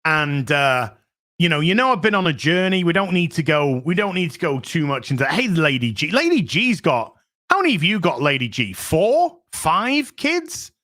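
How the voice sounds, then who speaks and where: A man hosting a live stream, talking excitably to his chat, swearing freely as he reacts to the news. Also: on the high side, moderate pace. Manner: excitable, swears, chats to viewers. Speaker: streamer host.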